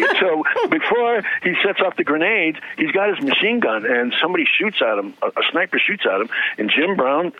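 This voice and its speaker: A man's voice: on the high side, fairly quick, hardly any pauses, no room sound. A man, an author guest in a casual interview, telling behind-the-scenes stories and acting out the quotes. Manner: animated storyteller acting out quotes. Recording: tinny phone line.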